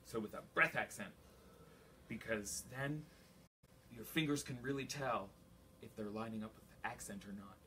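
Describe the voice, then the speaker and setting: A man's voice: on the low side, normal speed, long pauses, sharp tone, a little hiss or hum. A man teaching a flute masterclass to an audience, singing rhythms on syllables, counting aloud and joking as he coaches. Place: recital room with an audience.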